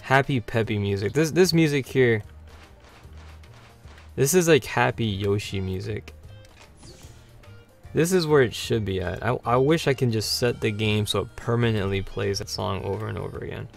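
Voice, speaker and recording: A man hosting a weekly gaming livestream, sleepy and yawning, rambling between bursts of excitement. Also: fairly low pitch, normal speed, vocal fry, long pauses, faint music behind. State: tired, yawning. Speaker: livestream host. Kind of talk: gameplay livestream commentary.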